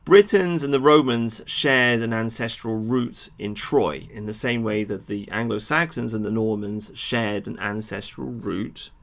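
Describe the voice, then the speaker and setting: Gravelly man ranting about history. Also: fairly low pitch, unhurried, few pauses. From England. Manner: animated, sweary, addresses viewers with asides. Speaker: history vlogger. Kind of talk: ranting monologue to camera.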